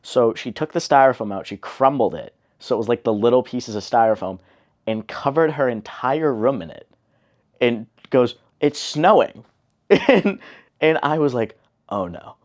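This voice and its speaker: A young man in an interview, telling a family story in a relaxed, chatty way with lots of fillers. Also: medium pitch, normal speed. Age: young adult. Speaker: interviewee, older brother.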